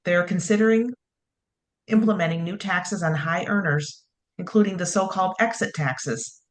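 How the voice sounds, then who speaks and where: A woman co-hosting a casual opinion chat, measured and careful, reading out news items. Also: fairly low pitch. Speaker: podcast co-host.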